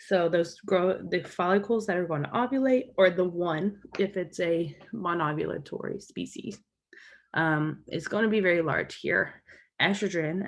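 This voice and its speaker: A woman lecturing a college class in a recorded talk, walking through a chart step by step. Her voice sits a little low, and she speaks in a steady, explanatory way, pausing to recap the main points.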